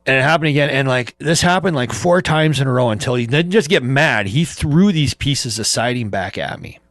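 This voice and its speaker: A middle-aged man spins long, rambling stories for his viewers, swearing casually and chuckling at his own mishaps. His voice sits at an ordinary middle pitch. The recording is dry and close. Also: lively intonation, normal speed, fairly bright tone, no echo. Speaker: livestream host chatting with viewers. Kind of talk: casual storytelling. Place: at home.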